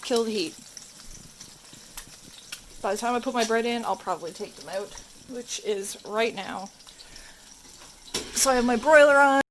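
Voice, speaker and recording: A woman's voice: on the high side, measured pace, pauses often, a bit bright, a little hiss or hum, rough recording. Casual home-cook woman, rambling and self-mocking, handheld camera in a home kitchen, faint sizzle behind. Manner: chatty, self-deprecating, rambling asides. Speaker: home cooking vlogger. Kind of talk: casual cooking vlog narration.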